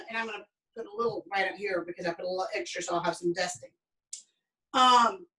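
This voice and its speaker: A woman's voice: on the high side, a bit bright, far from the mic, low-quality recording. A Southern woman with a Southern US accent, telling family stories in a chatty, rambling way while teaching a baking lesson. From American South. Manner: chatty storyteller, folksy and rambling. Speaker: cooking instructor. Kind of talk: casual baking demonstration.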